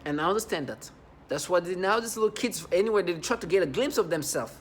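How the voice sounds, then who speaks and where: A man talking to camera in a rambling, halting monologue, repeating words and stressing points earnestly. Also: sits high, animated, slight background noise. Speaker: vlogger.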